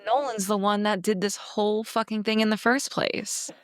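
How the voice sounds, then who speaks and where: A young woman co-hosting a book podcast in casual chat, animated and swearing freely. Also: mid-range voice, moderate pace, no room sound, clean studio sound. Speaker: podcast co-host.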